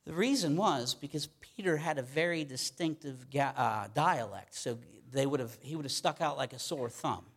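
A man's voice: medium pitch, expressive, normal speed, few pauses, fairly bright tone. A middle-aged man from Pittsburgh with a Pittsburgh accent, preaching a sermon in a conversational way and often checking in with "okay?". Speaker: pastor.

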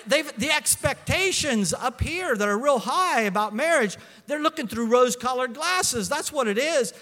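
A middle-aged man preaching a sermon as pastor, animated and storytelling, with frequent restarts. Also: very high voice. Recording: long hall reverb.

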